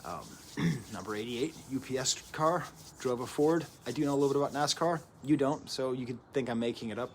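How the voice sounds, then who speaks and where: A man's voice: mid-range voice, brisk, a little hiss or hum. A man in his thirties hosting a casual spoken record review at home, chatty and digressive, with many asides. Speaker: host of a music review show. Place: at home early in the morning.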